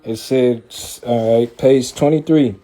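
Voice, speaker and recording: A warm, medium-pitched male voice takes its time here. The man hosts a casual livestream, wandering through his talk in a loose, streetwise way, tossing in filler asides and checking in with listeners often.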